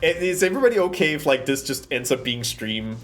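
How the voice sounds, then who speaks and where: A man's voice: fairly high pitch, sing-song, brisk, fairly bright tone, soft background music. A man streaming live, chatting casually while setting up an avatar, often slipping into playful theatrical bits.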